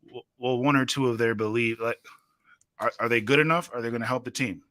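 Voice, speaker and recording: A man's voice: medium pitch, fairly even intonation, brisk, fairly bright tone, no room sound. A man co-hosting an internet radio talk show, arguing his points emphatically in casual chat. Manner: emphatic, makes his points with sports comparisons.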